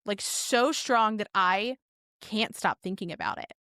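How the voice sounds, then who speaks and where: Animated, swearing woman podcast host. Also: medium pitch, a little slow, no room sound, studio quality. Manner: swearing, animated storytelling with acted quotes. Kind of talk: casual podcast chat.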